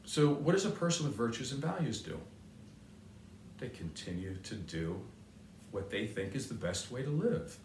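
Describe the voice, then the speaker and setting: This older motivational speaker shares a personal story, earnest and conversational, circling back to his main points again and again. He has a mid-range, darkish voice with big pitch swings and a moderate pace. There's a little hiss or hum, and the sound is roomy, as if captured from a distance.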